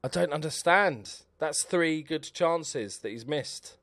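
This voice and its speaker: A man talking through a football management game as he plays, cheering his team on out loud. His pitch swings up and down with lively energy, and his voice sounds close and dry with no room echo. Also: slow. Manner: chatty, cheering on his players aloud. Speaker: video game commentator. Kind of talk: casual live gameplay commentary.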